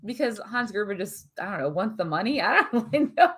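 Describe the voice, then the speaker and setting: A woman's voice: medium pitch, very animated, a little fast, fairly bright tone, husky. Chatty woman co-hosting a movie talk. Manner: searches for words, chatty, laughs often. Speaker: podcast co-host. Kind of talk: casual movie review chat.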